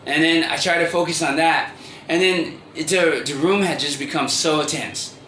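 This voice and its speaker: A man in his thirties speaking a rambling, halting confessional monologue as a vlogger. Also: on the high side, bright, forceful tone. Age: 30s. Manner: rambling, halting, with many restarts and fillers. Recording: roomy echo with faint ambient noise.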